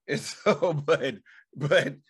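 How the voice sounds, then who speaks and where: A man's voice: a little high, very slow, husky. A man co-hosting a casual chat, telling stories in a playful, jokey way and laughing along. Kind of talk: casual chat, personal storytelling.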